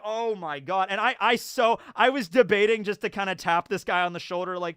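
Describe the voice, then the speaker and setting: A man's voice: sits high, a little fast, few pauses, fairly bright tone, clear, resonant tone, no room sound. A man hosting a video, telling stories and giving commentary in a rambling, conversational way with lots of fillers. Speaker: YouTube host. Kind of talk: casual storytelling and commentary.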